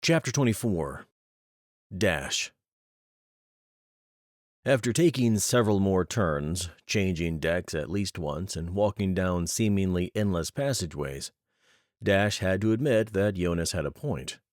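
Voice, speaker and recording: Deep-voiced man narrating an audiobook. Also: a little slow, no echo, clean studio sound. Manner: steady storytelling. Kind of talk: scripted narration.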